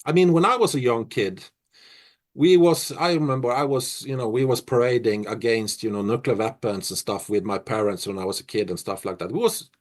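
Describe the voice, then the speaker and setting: Halting middle-aged man. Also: mid-range voice. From Norway. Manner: reflective, halting, many restarts and fillers. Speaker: musician being interviewed. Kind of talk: casual interview answers.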